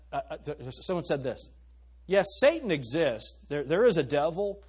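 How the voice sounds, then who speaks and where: A middle-aged man preaches with a husky, somewhat high voice that rises and falls with lively swings. He is emphatic and keeps turning to the congregation with questions. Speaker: pastor. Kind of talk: sermon.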